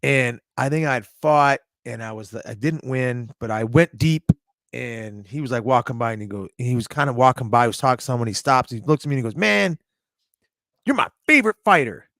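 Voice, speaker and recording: Man, podcast co-host, animated storyteller, dry close sound. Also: mid-range voice, brisk, no room sound. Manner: animated storytelling, acts out quotes. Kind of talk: casual podcast chat.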